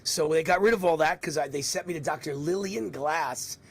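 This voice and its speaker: Hosting a political talk stream live, this sixty-something man speaks a little high and a little fast, with a slightly rough edge. His faint New York accent carries a rambling, lively style full of mocking asides.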